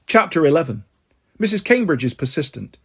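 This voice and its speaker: A man narrates a novel aloud as an audiobook, shifting expressively between the characters. His voice is husky and sits a little high for a man. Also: a little fast. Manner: expressive reading, voicing characters. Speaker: storyteller.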